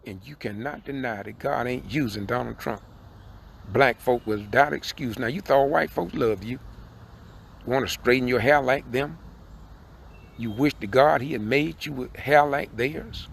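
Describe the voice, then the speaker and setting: A man's voice: mid-range voice, normal speed, vocal fry, a bit bright, husky. A man, delivering an impassioned, preacherly monologue from a car. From southern Georgia, USA. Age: 60s. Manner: fiery, preacherly, repeats points, rises to emphatic peaks. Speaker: independent video commentator. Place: in a car while driving.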